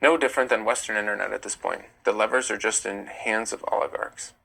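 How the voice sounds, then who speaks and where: On a casual live stream, a young American host reads comments aloud and argues back with lots of energy. His fairly low voice is brisk and creaky with a breathy edge, and the sound quality is poor.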